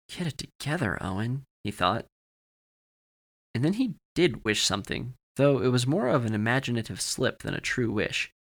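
A man narrating a scripted horror story for a podcast in a measured, steady way. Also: fairly low pitch, creaky.

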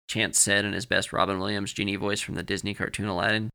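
Man, low voice, horror story narration, measured, steady, podcast. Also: creaky, clear, resonant tone.

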